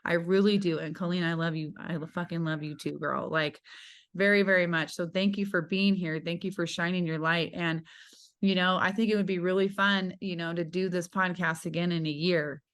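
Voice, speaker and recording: A woman's voice: lowish voice, steady tone, normal speed, fairly bright tone. A woman hosting a podcast, effusive and casual, swearing freely and peppering her talk with "like" and "you know". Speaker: podcast host.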